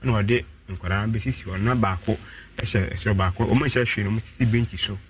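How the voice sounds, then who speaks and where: A man calling in to a radio show, telling his own story and acting out what others said with sudden jumps in pitch. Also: brisk, distant mic, very noisy. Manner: acts out quoted voices with sharp pitch jumps.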